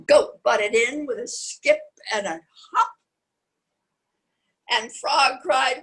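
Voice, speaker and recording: A woman's voice: sits high, slow, long pauses, a bit bright, poor audio. An older woman reading a picture book aloud to young children, sing-song and asking them questions along the way. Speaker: children's storyteller.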